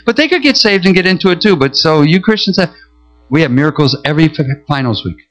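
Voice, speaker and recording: A middle-aged male pastor preaching a sermon, telling a story with animated, emotional pleading. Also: on the high side, fast, low-quality recording.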